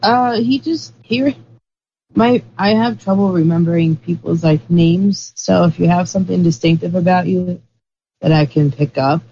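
A woman's voice: lowish voice, normal speed, warm tone. A woman chatting casually on a group call, rambling and searching for words as she talks. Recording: dull lo-fi call audio with faint noise.

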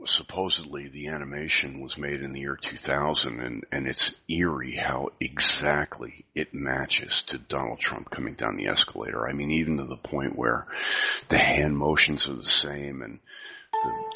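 A man in his fifties with a cold, talking softly and rambling with many fillers in a casual podcast chat over a video call. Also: a bass voice, gravelly, husky, lo-fi sound. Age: 50s. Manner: speaking softly, half whispering. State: has a cold. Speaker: podcast co-host.

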